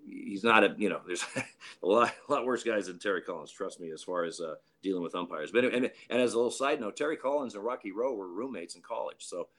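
Lower-voiced older man telling stories. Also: quick pace, fairly bright tone. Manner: rambling with frequent restarts and chuckles. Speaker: retired baseball umpire, podcast guest. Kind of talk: anecdotal storytelling.

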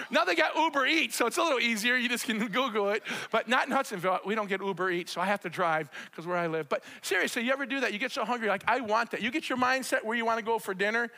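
A man preaching a conversational sermon and leading spoken prayer, in an animated way that repeats itself and speaks straight to the congregation. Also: extremely high pitch, creaky. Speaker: pastor. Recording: long hall reverb.

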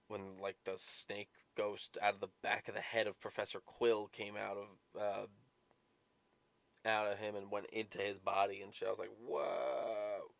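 A man's voice: fairly low pitch, gravelly, no room sound. A man hosting a solo podcast, rambling and swearing and drifting from topic to topic. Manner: profane, rambling, easily sidetracked. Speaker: podcast host.

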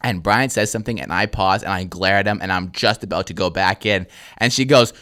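A young Canadian man co-hosting a podcast, telling a comedy-show story in a casual, animated way, swearing and acting out the crowd. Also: low-pitched, brisk. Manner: animated, swears a lot, acts out crowd voices.

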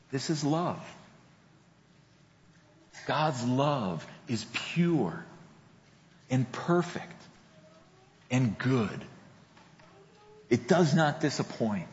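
A male pastor preaching a sermon, slow and deliberate, repeating key phrases for emphasis. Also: mid-range voice. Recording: dull lo-fi sound with long hall reverb.

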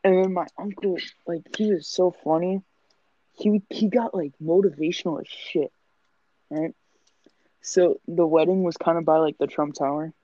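A man's voice: fairly high pitch, steady tone, moderate pace, warm tone, no room sound. A young man telling stories in a casual, profane, joking chat. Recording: dull lo-fi sound.

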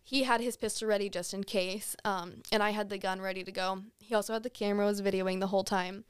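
A young woman, a podcast guest, telling a hunting story in a relaxed, chatty way with plenty of fillers. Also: mid-range voice, quick pace, clean tone, dry recording. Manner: easygoing, frequent fillers, animated when excited. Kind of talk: casual storytelling.

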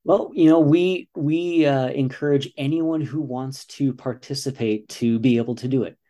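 A man's voice: mid-range voice, moderate pace, warm tone. A man in his forties, an American father and runner, talking earnestly in a casual interview and often saying "you know". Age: 40s.

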